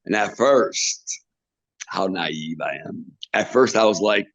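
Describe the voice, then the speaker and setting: A man with a lowish, creaky voice speaks slowly while sharing animated stories in an interview about his work as a wrestling manager and trainer. He acts out what others said in their voices. The dry recording is dull and lo-fi.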